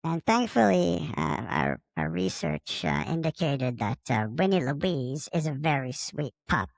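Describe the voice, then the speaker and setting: A man's voice: mid-range voice, very animated, unhurried, vocal fry, no echo. A man playing a friendly, immature male space alien who has taken over a podcaster's body, talking in a rambling, casual way and fond of swearing. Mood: chatty. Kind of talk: casual improvised monologue.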